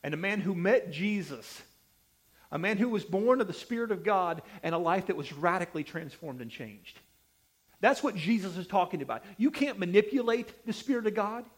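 A man preaching a sermon, emphatic and repetitive, with sharp swings between loud and soft delivery. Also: high voice, animated, normal speed. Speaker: pastor.

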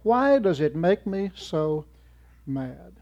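A man giving a sermon in church, swinging from loud emphatic rises to soft trailing endings. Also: high voice, very animated, takes it slowly. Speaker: church speaker. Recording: muffled lo-fi recording.

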